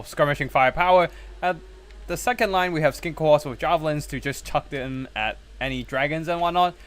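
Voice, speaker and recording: A man's voice: fairly high pitch, a bit bright. A man casting a live strategy game tournament, chatting with viewers between play-by-play calls. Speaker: tournament caster and streamer.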